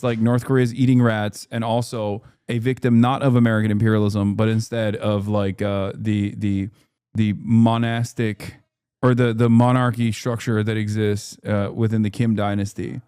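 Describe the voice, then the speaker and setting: A man hosting a stream, reacting to a video in rapid, argumentative, exasperated casual commentary. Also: mid-range voice, dark tone, clear, resonant tone, no echo, studio quality. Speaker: streamer host.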